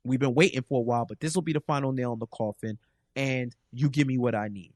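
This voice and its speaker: A man co-hosting a casual TV recap show, telling the plot in an animated way and acting out the characters' lines. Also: mid-range voice, fast, no echo, clean studio sound. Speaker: podcast co-host.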